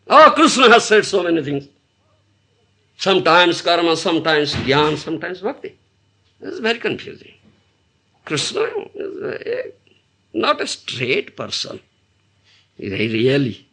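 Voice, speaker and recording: A man's voice: high voice, very animated, unhurried, long pauses, bright, forceful tone, a little hiss or hum. A man teaching a devotional lecture to an audience, often asking them rhetorical questions and laughing as he explains. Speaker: spiritual teacher.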